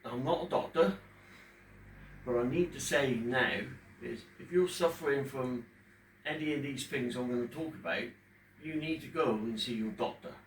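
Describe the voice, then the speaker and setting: A man in his fifties speaking emotionally at home in front of a fish tank, pausing often as he talks about his own experience. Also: mid-range voice. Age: 50s. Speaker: vlogger talking about his depression. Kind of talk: unscripted personal talk to camera. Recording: echoey room, distant mic, faint background hum.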